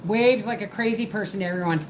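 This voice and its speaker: A woman's voice: medium pitch, a little fast, a little hiss or hum, poor audio. A middle-aged woman hosting a homestead live stream, chatting in a rambling way while she works and answers viewers. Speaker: homestead livestream host. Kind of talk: casual live-stream chat while working.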